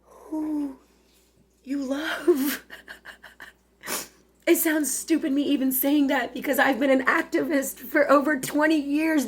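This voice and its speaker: A woman in her forties talking to camera in a personal confessional monologue, emotional and tearful, halting and restarting often. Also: high voice, fairly even intonation. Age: 40s. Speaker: vlogger.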